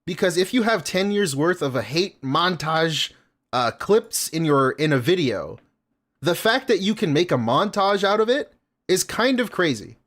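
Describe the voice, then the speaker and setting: A man talks over videos on a home stream, casual and profane, breaking into laughing asides. His voice sits a bit high and swings widely in pitch. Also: very animated, a little slow, a bit bright. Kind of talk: casual reaction commentary.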